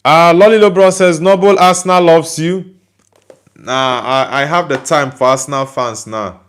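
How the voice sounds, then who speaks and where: A man's voice: a little high, moderate pace, smooth. A Nigerian man, a native Igbo speaker, hosting a casual livestream and chattily answering viewer comments he reads aloud. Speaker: host.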